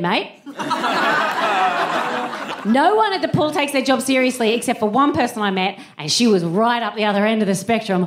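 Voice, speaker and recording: A woman performing live stand-up comedy as co-host, brash, sweary and self-mocking. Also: a little high. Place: large arts-centre venue with a live audience. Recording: roomy live stage with audience noise.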